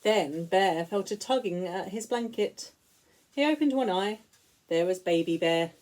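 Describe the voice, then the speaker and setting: A woman teacher reading picture books aloud to young children in an expressive, sing-song way. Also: mid-range voice, measured pace. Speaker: school teacher.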